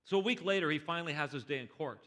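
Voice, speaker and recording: A pastor tells a story from the pulpit with lively energy. His voice is bright and sits a little high. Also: rapid-fire. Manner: animated, acts out dialogue, stammered restarts. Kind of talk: sermon storytelling. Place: church.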